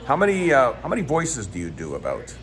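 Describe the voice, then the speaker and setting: A man's voice: mid-range voice, wildly swooping pitch, fairly quick, fairly bright tone, slight background noise. A man interviewing a guest in a casual, friendly way, prompting with questions.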